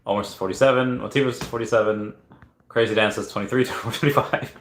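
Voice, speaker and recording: A man's voice: lowish voice, steady tone, fast talker, a little hiss or hum. A man hosting a casual livestream giveaway, playfully reading viewer comments aloud and now and then breaking into silly singing. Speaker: livestream host running a chat giveaway. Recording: echoey room.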